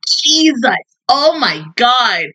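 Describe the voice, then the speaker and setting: A young woman talks through her reaction to an anime episode. Her voice is bright and sits fairly high, and her pitch swings widely as she exclaims, swears and laughs through her casual commentary. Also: big pitch swings, takes it slowly, husky, rough recording.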